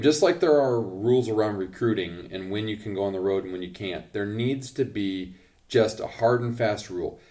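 A man hosting a sports podcast, giving emphatic, opinionated takes in casual talk. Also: on the low side. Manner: emphatic, opinionated, rising to loud points. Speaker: podcast host.

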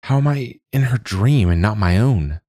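A man's voice: fairly low pitch, expressive, normal speed, warm tone, dry recording, clean studio sound, voice pushed up. A man voicing a confused young captive girl. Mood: troubled. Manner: breathless, questioning, raised voice.

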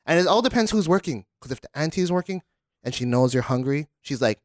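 Animated man from Hawaii, lively pitch. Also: fast talker, no echo, clean studio sound. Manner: animated storyteller acting out quotes. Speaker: podcast co-host. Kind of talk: casual chat.

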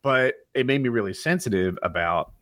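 A man co-hosting a podcast, telling stories in a casual, animated way, swearing and laughing often. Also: medium pitch, moderate pace, no room sound. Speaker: podcast co-host. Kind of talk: casual chat.

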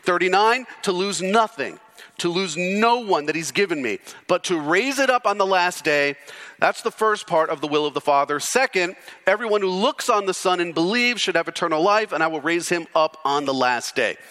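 A man preaching a sermon in a lively, rising-and-falling voice with a bright, forceful edge. He presses his points with repeated rhetorical questions, then sinks low and intense to drive them home. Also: normal speed. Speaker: pastor. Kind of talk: expository sermon.

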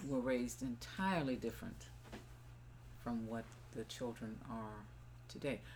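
A woman's voice: rumbling low, measured pace, a little mellow, a little hiss or hum. An older woman, a mother guest on a family podcast, telling stories and reflecting on how she raised her children. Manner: reflective, storytelling, wandering. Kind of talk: casual family chat.

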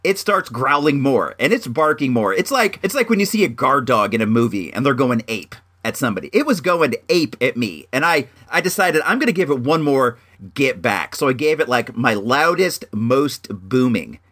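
A man's voice: mid-range voice, big pitch swings, moderate pace, fairly bright tone. A young man telling a story in a casual, rambling monologue, often restarting his sentences. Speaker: vlogger.

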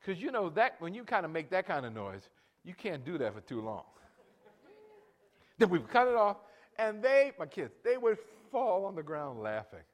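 A man in his late sixties preaching a sermon, telling family stories and directing the band and congregation, his voice rising loud for emphasis. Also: high voice, big pitch swings, moderate pace. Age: 60s. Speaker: pastor.

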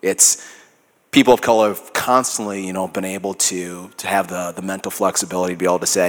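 Low-voiced and brisk with fairly even intonation and a fairly bright tone, this Minnesota-accented man in his thirties talks as an interview guest before an audience. His manner is relaxed and reflective, he performs quotes, and the large hall full of congregants adds reverb.

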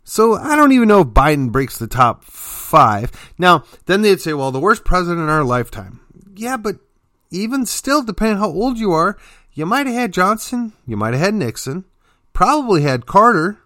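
Emphatic male host, somewhat high voice, sarcastic opinion monologue. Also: moderate pace, dry recording, clean studio sound. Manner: emphatic, lively, sarcastic asides. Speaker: political commentary host.

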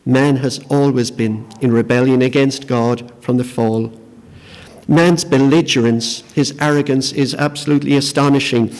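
A man delivering a sermon at a middle pitch, earnest and steady, sometimes repeating a word as he begins a thought. His voice carries a long reverb from a church hall. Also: normal speed. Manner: earnest, repeats words when starting phrases. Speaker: preacher.

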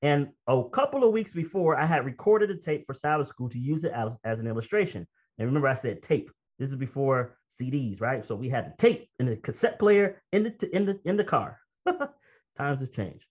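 A man preaching a sermon, reading quotations slowly and then commenting in a conversational, emphatic way with personal stories. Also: mid-range voice, animated, a little mellow. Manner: reads quoted text slowly, then comments conversationally and emphatically, often laughing. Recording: dull lo-fi recording.

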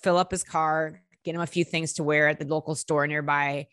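Bright-voiced woman telling a story. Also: sits low, fairly quick, smooth, dry recording, clean studio sound. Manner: animated, swearing, acts out quotes in bursts. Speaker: musician guest. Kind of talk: casual storytelling interview.

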